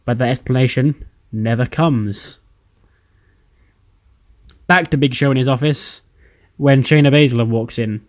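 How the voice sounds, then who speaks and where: A man's voice: mid-range voice, unhurried, long pauses. Casual man recapping a game. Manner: casual, storytelling with acted quotes. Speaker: game channel host. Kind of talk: narrated recap of a wrestling sim game.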